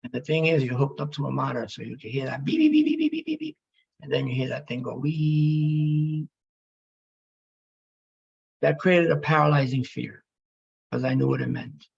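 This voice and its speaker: A man telling his near-death story as emotional personal testimony, halting and pausing as he speaks. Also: medium pitch, steady tone, gravelly, slightly rough, lo-fi sound. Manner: halting, emotional, with pauses and restarts.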